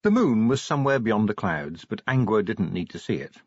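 Male audiobook narrator, low and husky, wry, lots of pitch movement; dry, dull lo-fi sound. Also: brisk, dry recording. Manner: wry, lively storytelling. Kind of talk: scripted narration of a novel.

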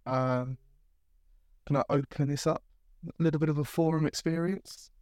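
A man with a slightly higher voice leads the segments of a casual podcast and drops in dry, brief remarks. His voice is recorded close and dry. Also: fairly even intonation, moderate pace, a little mellow, dry recording. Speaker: podcast co-host. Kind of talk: casual chat.

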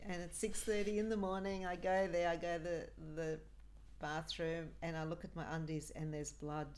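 Middle-aged woman, lower voice, earnest storytelling, podcast guest. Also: level tone, normal speed, a little mellow. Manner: earnest, acts out quoted speech. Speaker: guest, mother of a host. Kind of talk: personal storytelling in a podcast chat.

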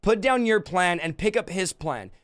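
A man's voice: high voice, expressive, moderate pace, fairly bright tone, clean tone, no room sound, clean studio sound. A man preaching a fervent sermon, repeating phrases and acting out quoted dialogue.

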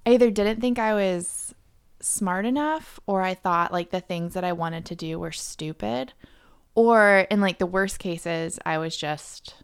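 A woman's voice: on the low side, unhurried, smooth. A woman from Florida co-hosting a podcast, talking in a thoughtful, reflective way. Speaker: podcast co-host. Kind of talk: casual chat.

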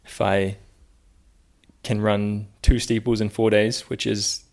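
A man co-hosting a casual podcast chat, laid-back, with quick asides and casual swearing. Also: fairly low pitch, level tone, creaky, a little mellow. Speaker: podcast co-host.

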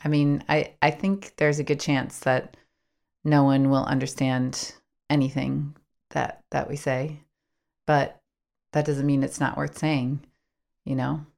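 A woman co-hosting a podcast at a microphone, soft-spoken and thoughtful as she reads and chats. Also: sits low, flat delivery, slow pace, vocal fry. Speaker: podcast co-host. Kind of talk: reflective podcast chat and reading.

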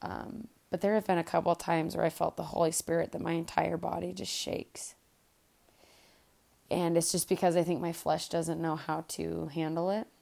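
A woman hosting a Bible study podcast, talking earnestly and softly, often repeating words as she gets emotional. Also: lowish voice, level tone, normal speed, vocal fry. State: emotional, quiet and soft-spoken. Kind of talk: casual devotional podcast talk.

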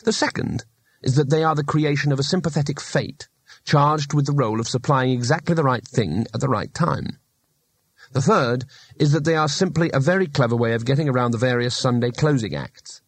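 A man's voice: medium pitch, a little fast, husky, no echo. A man narrating a comic fantasy audiobook in a dry, wry storytelling manner. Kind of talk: scripted narration.

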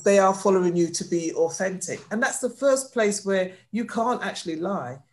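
A woman's voice: mid-range voice, lively intonation, normal speed, darkish tone. A woman with a British accent, a comedian guest on a podcast, speaking emphatically and repeating phrases for stress. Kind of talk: podcast conversation.

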